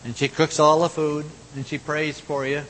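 A man preaching a sermon in a folksy manner, moving between loud exhortation and hushed, low tones. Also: little pitch movement, normal speed. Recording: long hall reverb, faint rumble.

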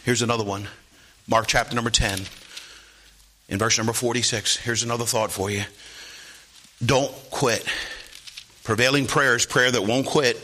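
A man preaching a sermon in a church, swinging from soft asides to shouted lines. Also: mid-range voice.

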